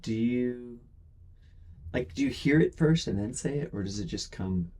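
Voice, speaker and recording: A man's voice: mid-range voice, lively intonation, moderate pace, a little mellow. A man who is a comedian, chatting as a podcast guest and asking short, curious questions. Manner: supportive, asks short questions, agrees a lot. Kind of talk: casual chat.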